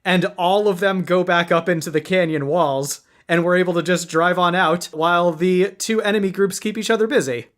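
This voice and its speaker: A man telling his part of a story game in relaxed, casual talk, with plenty of "like"s. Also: high voice, normal speed, hardly any pauses. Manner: relaxed, filler-laden storytelling. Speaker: player.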